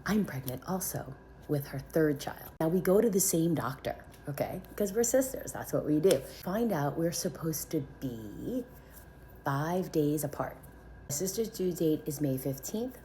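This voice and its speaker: A woman telling a personal story to her viewers, animated and dramatic, with whispered asides. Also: low voice, a little slow, a little hiss or hum. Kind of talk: casual storytelling to camera.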